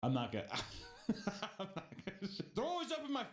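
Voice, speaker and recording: Male streamer, casual crude banter, bouncy high-ish voice, echoey room. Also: a little fast. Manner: animated, joking, crude, laughs often. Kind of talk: casual chat.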